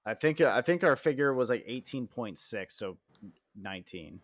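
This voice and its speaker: A man's voice: medium pitch, lively intonation, normal speed, fairly bright tone. Joking, teasing male gamer. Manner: joking, teasing, laughs easily. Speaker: co-player on a stream. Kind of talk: casual gaming chat.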